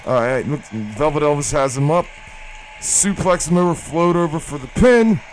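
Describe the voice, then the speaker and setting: A man doing mock wrestling play-by-play, rambling and excitable with sudden yelps. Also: a little high, normal speed, slight background noise, poor audio. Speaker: play-by-play commentator.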